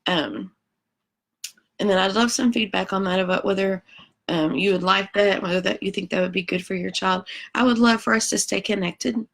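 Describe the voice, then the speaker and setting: A woman's voice: medium pitch, normal speed. A woman teacher talking to kids and parents before a read-aloud lesson, chatty with many ums.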